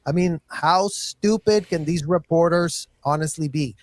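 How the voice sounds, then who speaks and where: A man's voice: a little high, a little slow, no room sound. A man in a played clip, speaking indignantly and firing off rhetorical questions.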